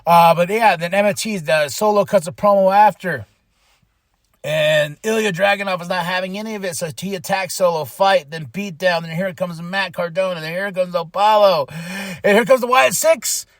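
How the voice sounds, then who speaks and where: High-voiced hyped-up podcast host, man. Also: moderate pace, no room sound, clean studio sound. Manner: excited, animated storytelling with hype shouts and laughs. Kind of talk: casual wrestling recap.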